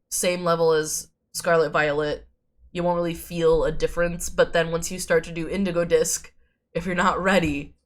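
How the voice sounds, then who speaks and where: A young woman streaming a video game while sick with a sore throat, chatting casually and laughing often. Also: on the low side. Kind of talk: casual gaming stream commentary.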